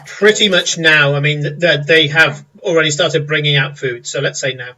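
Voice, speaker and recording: A man's voice: a little high, normal speed, sharp tone, a little hiss or hum, poor audio. A man running a tabletop game as game master, easygoing and laughing often, with hesitant fillers.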